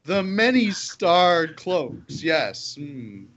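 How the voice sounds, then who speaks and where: A man playing a pompous wizard who claims to be a celebrity, speaking slowly and self-importantly. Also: on the high side, sing-song, a bit bright, lo-fi sound, full character voice. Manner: slow, drawn-out and self-important.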